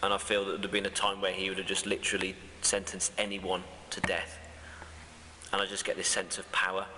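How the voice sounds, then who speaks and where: Man, medium, halting, fervent, bright tone, long hall reverb. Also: low voice, monotone, a little hiss or hum. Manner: halting, fervent, many restarts. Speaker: medium on a ghost hunt. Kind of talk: emotional first-person reflection.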